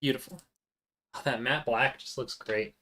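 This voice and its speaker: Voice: medium pitch, normal speed, bright, forceful tone. A live streamer chatting casually with viewers while working, answering chat as they go.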